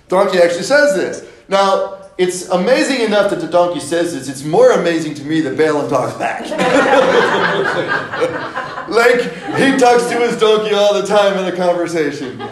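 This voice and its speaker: A man's voice: high voice, lively intonation, a little slow, reverberant, rough recording. A man teaching a Bible study, retelling scripture stories casually and acting out the characters with playful asides.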